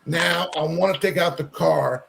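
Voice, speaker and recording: A man from Texas telling a long story in a rambling, animated way, full of fillers. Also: a little high, measured pace, vocal fry, background noise. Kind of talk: casual storytelling.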